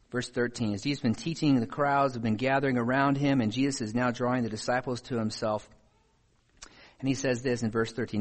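Man preaching, reading scripture aloud. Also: mid-range voice. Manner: reads scripture aloud, then asks pointed questions.

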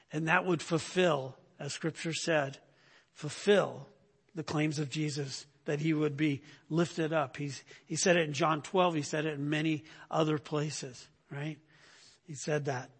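A man's voice: fairly high pitch, steady tone, a little slow, a bit bright, husky. A man preaching a sermon in a conversational way, often asking "right?" and acting out the people he quotes. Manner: acts out quoted speakers in raised voice. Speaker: pastor.

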